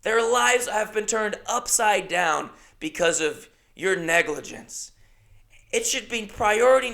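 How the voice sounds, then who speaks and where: Gravelly man ranting and cursing. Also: high-pitched, measured pace. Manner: profane, exasperated, swings between mutters and shouts. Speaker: comedian and podcast host. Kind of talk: ranting storytelling monologue.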